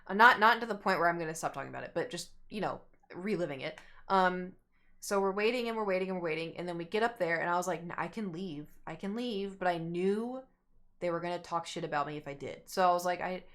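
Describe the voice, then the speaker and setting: A woman's voice: on the low side, fast. A young woman streamer telling a rambling story to her chat, acting out what people said. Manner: animated, rambling, acts out quotes.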